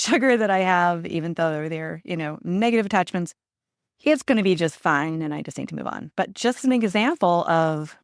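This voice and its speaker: A woman's voice: fairly low pitch, no room sound, clean studio sound. A woman hosting a solo podcast, talking in a conversational, coaching way and often checking in with "right?". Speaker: podcast host.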